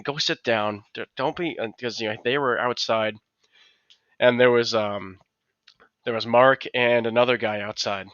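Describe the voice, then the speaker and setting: Bright-voiced man telling a story. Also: mid-range voice, moderate pace, no echo, highs cut off. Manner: animated, acts out quotes of coworkers. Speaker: podcast co-host. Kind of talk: casual storytelling.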